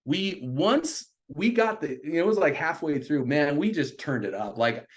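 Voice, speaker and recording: A middle-aged man telling a story in casual conversation, animated and jumping up into high voices when he quotes people. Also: moderate pace. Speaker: podcast guest.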